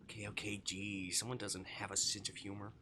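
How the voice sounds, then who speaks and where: A man's voice: fairly low pitch, little pitch movement, a little fast, bright, forceful tone, slight background noise. A man voicing a teasing, playful young male shop cashier with smug, joking banter.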